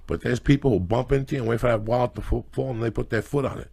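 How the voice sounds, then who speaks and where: A middle-aged man hosting a casual podcast chat, ranting loudly and profanely in a preachy way. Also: medium pitch, steady tone, racing. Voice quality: gravelly and husky. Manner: loud, profane, preachy rants. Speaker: podcast host.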